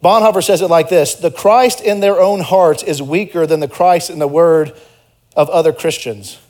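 A man's voice: a little high, moderate pace, darkish tone. A young man preaching a sermon in a church, conversational and earnest, mixing personal stories with emphatic exhortations. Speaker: pastor. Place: church sanctuary.

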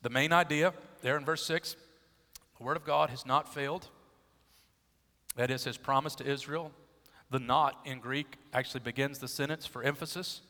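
A man's voice: medium pitch, fairly even intonation, normal speed, long pauses, bright, forceful tone. A man preaching an expository sermon, teaching emphatically and asking his listeners rhetorical questions. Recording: long hall reverb.

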